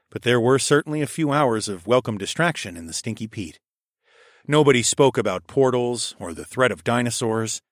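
A man narrating a first-person story in a steady, even reading voice on a close mic. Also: lowish voice, no echo. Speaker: audiobook narrator.

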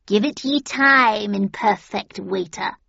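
A woman voicing an old hag witch who proclaims prophecies slowly and loudly, with a slightly dull recording. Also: mid-range voice, vocal fry, husky, dry recording, heavily acted. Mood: proclaiming. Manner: slow theatrical proclaiming.

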